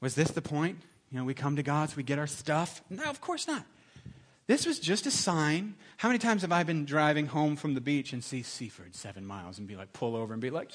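Animated man preaching a sermon. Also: fairly quick. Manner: animated storytelling, acts out voices with big pitch jumps. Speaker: pastor.

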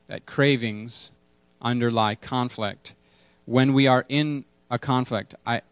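A man's voice: medium pitch, steady tone, slow, clean tone, no echo. A man preaching a casual sermon to his congregation, candid and self-deprecating, repeating key words for emphasis. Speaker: pastor.

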